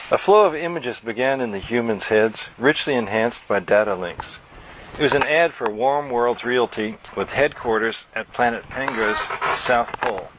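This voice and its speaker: A man reading his own novel aloud at a bookstore event, in a measured storytelling voice. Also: medium pitch, a bit bright, a little hiss or hum, low-quality recording.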